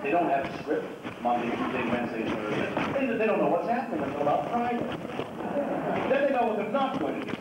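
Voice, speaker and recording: Speaking fast and very animatedly in a fairly high voice, a convention guest rambles through an onstage story, cracking jokes and frequently starting over. The recording comes from a home video camera among the audience, making the big hall sound far-off, muffled and echoing, with a noisy crowd around.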